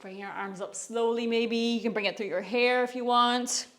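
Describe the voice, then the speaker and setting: A young woman with a fairly high voice leads a relaxed movement class. She talks in an easy, encouraging way with soft laughs, a bit out of breath from moving as she goes. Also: moderate pace, faint music behind. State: a little out of breath while moving. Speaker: movement instructor. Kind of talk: guided movement tutorial.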